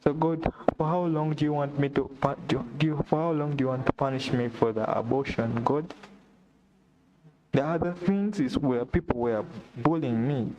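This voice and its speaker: A man's voice: mid-range voice, moderate pace, dull audio. A man from Uganda, speaking on a live vlog stream in a despairing, repetitive lament addressed to God. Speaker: vlogger. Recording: noisy background with clicks.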